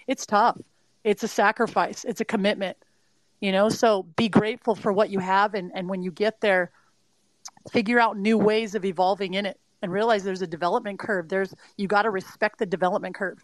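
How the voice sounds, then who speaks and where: A woman's voice: mid-range voice, fairly even intonation, brisk, no room sound, poor audio. A middle-aged woman from California, an interview guest giving earnest, emphatic mindset advice to athletes, full of "you know" fillers. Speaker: mindset and performance adviser. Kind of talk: interview guest, motivational talk.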